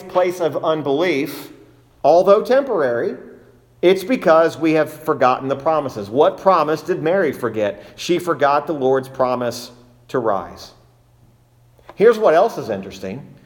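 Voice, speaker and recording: A man's voice: on the high side, big pitch swings, measured pace. A man preaching a sermon as pastor, emphatic, repeating key phrases and asking rhetorical questions.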